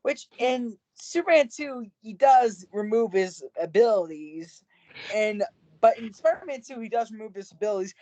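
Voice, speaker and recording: A woman's voice: a little high, expressive, moderate pace, warm tone, dry recording. A woman co-hosting a casual podcast chat, talking freely and filling with "like" and "you know". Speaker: podcast co-host. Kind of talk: casual chat over a call.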